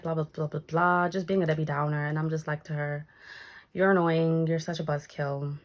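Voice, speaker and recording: A young woman tells a story for her vlog in a casual, chatty way. She slips into other people's voices as she goes, and her speaking voice sits fairly low. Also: brisk. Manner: animated, acts out quoted lines, swears casually. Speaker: storytime vlogger.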